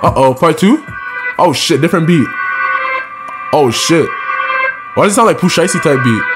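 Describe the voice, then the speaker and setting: A young American man with an excitable, slangy manner, reacting casually and talking to his chat with loud outbursts. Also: a little high, normal speed, loud music behind the voice. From United States. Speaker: reaction streamer.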